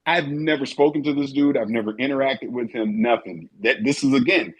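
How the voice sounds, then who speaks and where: A man on an audio call talking in an emphatic, animated way, telling stories and quoting others. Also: medium pitch, fairly quick, husky, rough recording. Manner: emphatic, animated storytelling with quoted voices. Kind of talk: casual chat.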